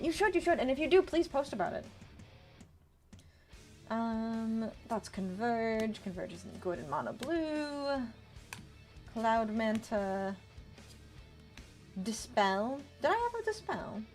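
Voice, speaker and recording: A woman's voice: fairly high pitch, a little mellow. A young woman streaming casually, chatting with her viewers and reading card text aloud as she builds a deck. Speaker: VTuber streamer. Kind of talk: casual livestream chat while deckbuilding.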